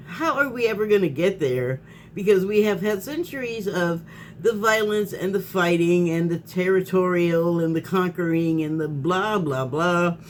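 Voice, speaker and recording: A woman vlogger delivers a casual spoken monologue, rambling, restarting sentences, laughing often and getting heated. Her voice is medium-pitched, with slight background noise.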